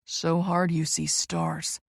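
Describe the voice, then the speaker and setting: A woman voicing a confident, commanding young male lover in an audiobook, speaking in a low, dominant, teasing way. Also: little pitch movement, slow pace, vocal fry, slightly rough, no room sound, clean studio sound, exaggerated voice.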